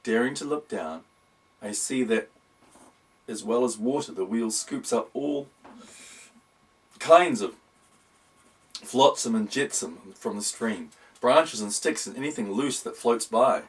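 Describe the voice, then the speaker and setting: A man's voice: mid-range voice, animated, takes it slowly, pauses often. A man narrating a whimsical storybook in a wry, playful tone. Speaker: audiobook reader. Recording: voice distant from the mic.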